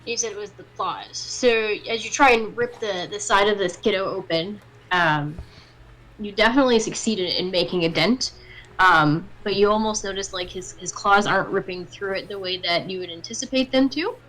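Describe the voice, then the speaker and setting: A woman's voice: medium pitch, moderate pace, fairly bright tone, poor audio. Giggly woman running a tabletop game. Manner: casual, giggly, many ums. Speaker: game master.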